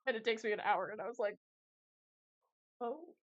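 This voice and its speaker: A woman's voice: mid-range voice, steady tone, racing. A young woman streamer chatting casually with her viewers, rambling with lots of fillers and laughs. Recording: slightly dull lo-fi audio.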